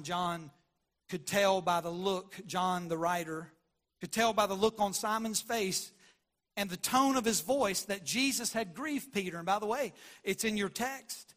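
A man preaching a sermon, swinging between loud emphatic lines and quiet murmurs, and acting out Bible dialogue. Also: a little slow. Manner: preaching with big swings in loudness, from near-shouts to low murmurs; acts out Bible dialogue in quoted voices. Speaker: pastor.

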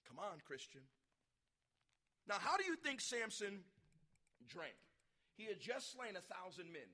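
A man preaching a revival sermon with passion, asking the congregation questions and breaking into loud shouts. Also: high voice, very animated, a little slow.

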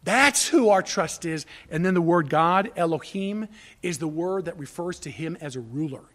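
A man preaching a sermon as pastor, emphatic, swinging between loud declarations and hushed asides, asking rhetorical questions and answering them himself. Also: fairly high pitch, expressive, moderate pace.

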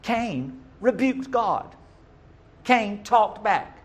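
A middle-aged man preaching a sermon as pastor, emphatic, swinging between loud bursts and quiet asides. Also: sits high, lively intonation, drawn-out words.

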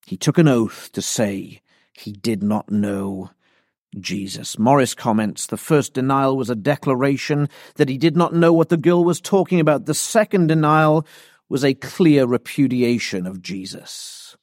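A man preaching an expository sermon, deliberate and emphatic. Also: mid-range voice, a little mellow, dry recording, studio quality.

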